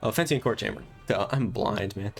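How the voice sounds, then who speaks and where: A man's voice: lowish voice, brisk, vocal fry, soft background music. A man acting as game master, thinking aloud as he rambles through plans for a tabletop session. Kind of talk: casual planning monologue.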